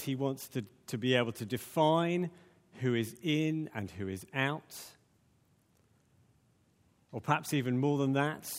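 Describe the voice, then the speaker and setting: A man's voice: mid-range voice, long reverb tail. A man preaching a conversational sermon, full of fillers and restarts.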